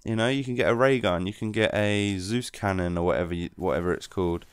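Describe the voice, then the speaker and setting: A man giving relaxed, rambling commentary over his gameplay as the channel's host. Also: fairly low pitch, fast talker, clear, resonant tone, no room sound, studio quality.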